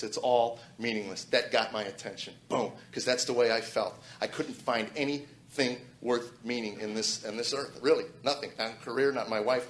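A man's voice: medium pitch, a bit bright, roomy sound, a little hiss or hum. A man in his forties telling an earnest personal testimony, often restarting his sentences. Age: 40s. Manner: earnest, halting with repeated restarts. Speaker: testimony speaker.

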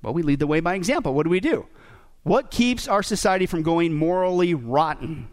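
A man's voice: fairly high pitch, lively intonation, fairly quick. A male pastor preaching a sermon, joking and asking the congregation rhetorical questions.

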